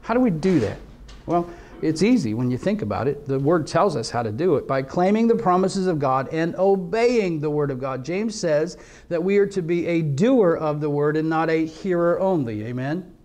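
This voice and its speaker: A middle-aged man delivering a sermon in a slightly higher-than-average voice. He speaks earnestly, stumbling and restarting through personal memories, then driving his points home with emphasis. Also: expressive, moderate pace. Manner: earnest storytelling, many restarts, shifts from quiet to emphatic. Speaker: preacher.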